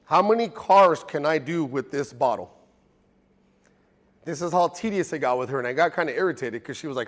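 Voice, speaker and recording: A man's voice: fairly high pitch, lively intonation, brisk, in a large hall. A man teaching a car detailing class to a live group in a casual, joking, storytelling way.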